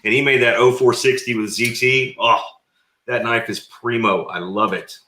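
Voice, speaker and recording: A man's voice: medium pitch, steady tone, pushed and bright, roomy sound. A man co-owning a knife company, chatting casually and joking on a livestream. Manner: chatty, joking, quick to laugh.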